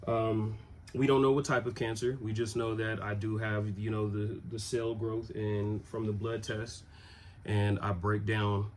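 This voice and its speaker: Soft-spoken young man telling his story. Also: on the low side, slight background noise. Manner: loose, conversational, many ums and restarts. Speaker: vlogger. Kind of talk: personal storytelling to camera.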